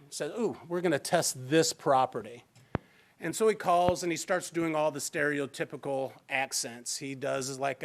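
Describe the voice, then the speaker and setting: A man's voice: fairly high pitch, gravelly, a bit bright, slight background noise. A man leading a fair housing training workshop in a chatty, informal, conversational way, speaking into a handheld microphone in a training room. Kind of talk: workshop lecture.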